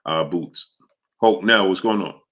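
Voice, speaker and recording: A deep-voiced man, hosting a live sports show. His tone is bright and forceful. He rambles casually and greets chat viewers one by one. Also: unhurried. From New York. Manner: rambling, greets chat viewers by name, many filler sounds.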